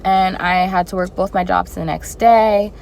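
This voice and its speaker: A young woman telling a personal story in a casual vlog, animated and expressive with dramatic reactions. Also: medium pitch, unhurried, vocal fry, a little hiss or hum, poor audio. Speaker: flight attendant vlogger.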